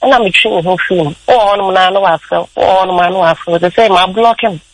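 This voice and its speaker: A woman's voice: lowish voice, fast, dry recording, low-quality recording. A woman with a Ghanaian accent calling in to a radio show, telling her story mostly in Twi. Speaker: caller. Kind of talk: call-in radio conversation.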